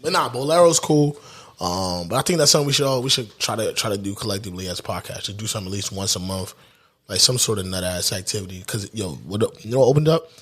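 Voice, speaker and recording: A man's voice: lowish voice, animated, quick pace, a bit bright, breathy edge. Laid-back slangy New guy. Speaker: podcast co-host. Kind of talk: casual chat. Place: podcast studio. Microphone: studio mic, eating close to it.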